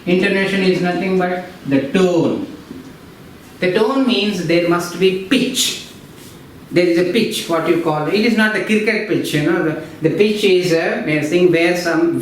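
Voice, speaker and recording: In a fairly high-pitched, slightly slow voice, a man teaches English through a lecture-style explanation. He's repetitive, full of fillers and restarted phrases, and the room is very echoey with faint background noise.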